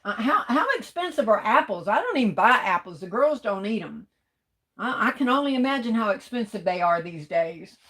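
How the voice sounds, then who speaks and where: A woman's voice: mid-range voice, lively intonation, brisk. A middle-aged woman hosts a casual livestream, reading out comments and greeting viewers while she holds back coughs and sneezes. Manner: chatty, greets viewers warmly with "hey, baby". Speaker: livestream host.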